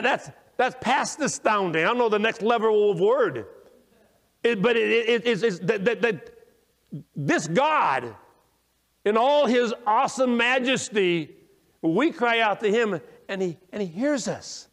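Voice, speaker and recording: A male pastor preaching a sermon, emphatic when quoting scripture and dropping quiet to reflect, often checking in with "okay?" and restarting words. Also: high voice. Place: church sanctuary. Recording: long echoing reverb of a church hall.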